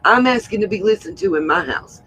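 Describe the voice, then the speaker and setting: A woman hosting a livestream, hoarse and frustrated, who keeps repeating her points with emphasis. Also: mid-range voice, lively intonation, a little fast, a bit bright, a little hiss or hum, rough recording. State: hoarse from hollering. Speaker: livestream host. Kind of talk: casual livestream talk.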